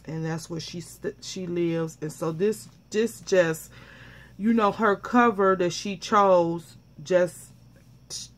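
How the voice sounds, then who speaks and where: Gushing woman vlogger, lowish voice. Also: takes it slowly. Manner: gushing, repeats "I love it"; excited, a bit flustered. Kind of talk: casual unboxing chat.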